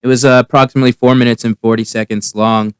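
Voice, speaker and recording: A man with a smooth, clear voice at a middling pitch talks through a casual review. He rambles, trips over himself and restarts sentences, and the sound is dry and close. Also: flat delivery, fast, no echo. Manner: rambling, with many restarts and fillers. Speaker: TV comedy reviewer.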